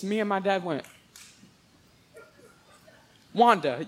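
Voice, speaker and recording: A young man with a drawl talks in a casual, rambling monologue. His voice sits high for a man. He jumps between tangents with an animated, joking manner. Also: a little fast, few pauses. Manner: animated, rambling, jokey with religious asides.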